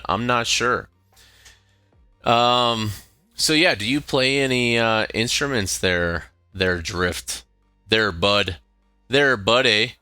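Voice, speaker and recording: A man's voice: on the low side, pushed and bright, dry recording, clean studio sound. A young man chatting casually on a live stream, rambling and laughing often.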